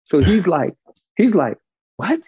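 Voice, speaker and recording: A man from Brooklyn, telling a story in casual, animated talk and acting out the other people's lines. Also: high-pitched, slow pace, slightly rough, no echo, dull audio. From Brooklyn, New York. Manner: animated, acts out quoted dialogue, swears freely.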